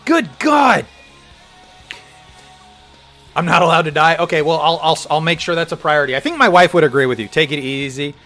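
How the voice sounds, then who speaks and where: High-voiced guy streaming a game, super animated, swears a lot, faint music behind. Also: fast talker. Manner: animated, swears, laughs often, breaks into loud outbursts. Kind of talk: casual gaming stream chat.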